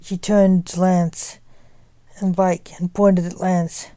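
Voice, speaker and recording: A woman narrating a story in a measured, plain way. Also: lowish voice, little pitch movement, mellow, dry recording.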